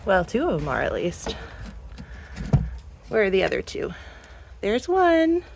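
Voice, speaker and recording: A woman's voice: medium pitch, huge pitch swings, unhurried, vocal fry, slight background noise. A woman in her thirties or forties vlogging casually on her farm while doing chores, filming on a handheld camera outdoors and in barns. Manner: chatty, talks sweetly to animals. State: out of breath at times. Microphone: handheld camera, she films herself.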